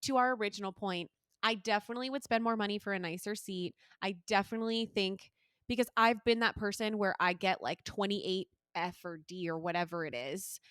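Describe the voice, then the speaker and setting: A woman's voice: medium pitch, brisk, fairly bright tone, clear, resonant tone, no echo, clean studio sound. A young woman co-hosting a podcast, chatting casually and animatedly, swearing freely and acting out the people in her stories. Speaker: podcast co-host. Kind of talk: casual chat.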